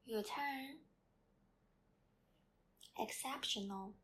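A woman's voice: a little high, a little slow, a bit bright. A woman teaching as a language teacher, leading a patient, repetitive pronunciation drill.

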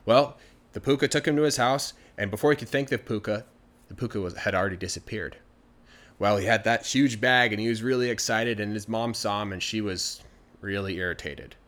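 A man telling a folktale in a chatty, animated storytelling style. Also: lowish voice, a little fast. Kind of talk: casual storytelling.

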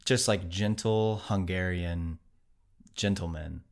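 Low-voiced American man telling a story. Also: slow pace, gravelly. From United States. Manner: rambling, many fillers and restarts. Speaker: podcast host. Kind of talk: casual storytelling chat.

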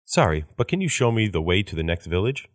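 A man reading English practice sentences aloud in a measured way for learners. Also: deep voice, big pitch swings, no echo, clean studio sound. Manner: measured, repeats each sentence after the woman. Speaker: English phrase reader.

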